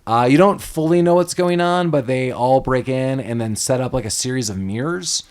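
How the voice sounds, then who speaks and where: A man's voice: mid-range voice, normal speed, smooth. Casual man recapping a movie. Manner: animated, swears, acts out characters with laughs. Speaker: podcast host.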